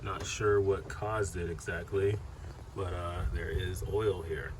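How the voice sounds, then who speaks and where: A man's voice: low-pitched, steady tone, takes it slowly, a little hiss or hum. A man talking casually through a car repair, rambling and easygoing, with lots of fillers and restarts. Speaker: car vlogger. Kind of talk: casual chat.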